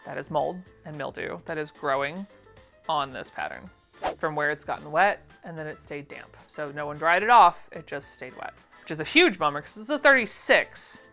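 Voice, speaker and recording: A woman's voice: low voice, lively intonation, normal speed, sharp tone, faint music behind. A woman chatting casually through an unboxing, gushing and often trailing off mid-phrase. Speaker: vintage sewing pattern collector.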